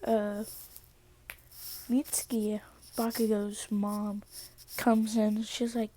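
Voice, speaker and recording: Woman video creator, hesitant fan-story narrator; slow, mellow, dry. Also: medium pitch, little pitch movement. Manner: hesitant, soft-spoken, giggly.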